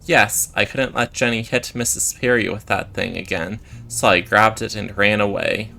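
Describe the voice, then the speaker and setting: A man's voice: fairly low pitch, fairly even intonation, normal speed, gravelly, pushed and bright. A man reading the lines of a frightened, apologetic young female cat.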